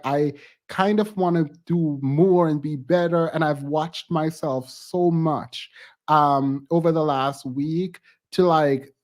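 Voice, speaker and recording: A man hosting a live stream, touched and thankful, halting and close to tears as he signs off with casual talk. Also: fairly high pitch, darkish tone.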